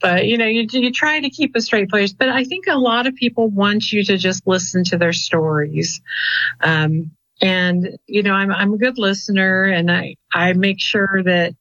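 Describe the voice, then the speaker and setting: A woman's voice: medium pitch, moderate pace, a bit bright, dry recording. Woman, interview guest, chatty storyteller, dull muffled sound. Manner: chatty and storytelling, with many fillers. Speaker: client coordinator of a ghost-hunting group. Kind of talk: casual interview chat.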